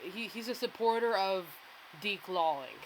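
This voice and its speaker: A woman's voice: mid-range voice, lively intonation, unhurried. A woman co-hosting a podcast in casual chat, blunt and matter-of-fact. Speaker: podcast co-host. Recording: noisy with clear hiss.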